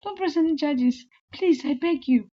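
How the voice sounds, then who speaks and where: A woman storyteller puts on a scared young woman with a high, pleading voice, denying everything again and again. The recording is a little muffled and lo-fi. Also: normal speed, dark tone, lightly acted. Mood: desperate. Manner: high, pleading, repeating herself. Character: frightened young woman pleading her innocence. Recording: slightly muffled lo-fi audio.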